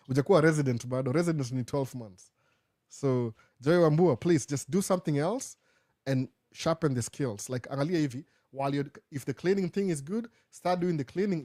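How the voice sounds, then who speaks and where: A man's voice: fairly high pitch, dark tone, dry recording, studio quality. A man from Kenya, hosting a casual live Q&A, answering viewer questions and slipping Swahili phrases into his English. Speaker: host.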